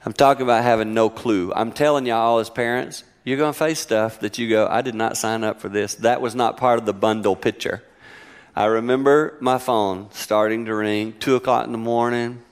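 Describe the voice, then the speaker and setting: A middle-aged man preaching a sermon, telling family stories with lively acted-out voices. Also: clear, resonant tone. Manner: animated storytelling, acting out voices with high-pitched exclamations. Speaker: pastor.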